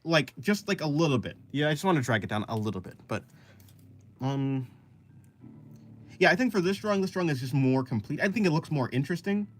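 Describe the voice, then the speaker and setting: A man's voice: fairly high pitch, expressive, fairly quick. A young man giving casual, hesitant commentary on drawings as an art streamer, rambling with many restarts.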